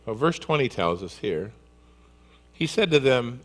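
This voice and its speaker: A man's voice: medium pitch, a little slow. A male pastor delivering a sermon, telling the story vividly and acting out its scenes. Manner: animated storyteller who acts out scenes.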